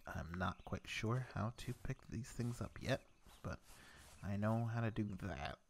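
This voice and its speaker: A young man mutters his way through a game, his voice sitting deep and low. He talks at an unhurried, drawn-out pace and chuckles at his own confusion. It is casual let's play commentary, rambling and self-directed. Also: slight background noise. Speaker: gameplay commentator.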